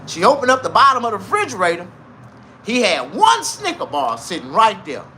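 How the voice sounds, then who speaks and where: A man telling a crude comedic story in an animated, repetitive way, laughing at his own tale. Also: sits high, brisk, a little hiss or hum.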